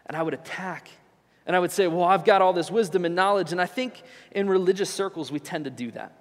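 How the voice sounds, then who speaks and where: A young man preaching a sermon in a church, conversational and animated as he tells stories. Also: sits high, fast talker, in a large hall. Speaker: pastor. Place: church sanctuary.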